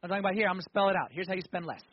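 A man preaching a conversational sermon, asking the crowd questions and swinging from loud emphatic points to quiet ones. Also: high voice, rapid-fire, breathy edge, no room sound, dull audio. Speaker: pastor.

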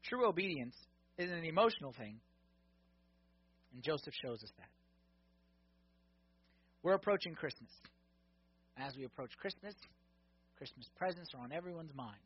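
A man preaching a sermon to a congregation, swinging between loud emphasis and quiet asides, with a husky voice. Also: fairly high pitch, animated, normal speed, long pauses, lo-fi sound.

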